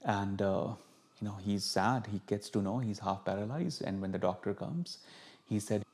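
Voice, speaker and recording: A man, a spiritual teacher telling a story calmly to camera and acting out the inner dialogue of its characters. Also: on the low side, moderate pace.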